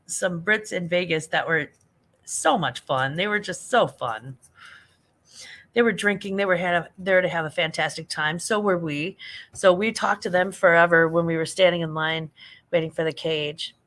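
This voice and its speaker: A woman's voice: fairly low pitch, a bit bright. An American woman hosting a casual late-night livestream, chatting with viewers, reading their comments and laughing often. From United States. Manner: chatty, laughs often, reads chat aloud. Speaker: livestream host.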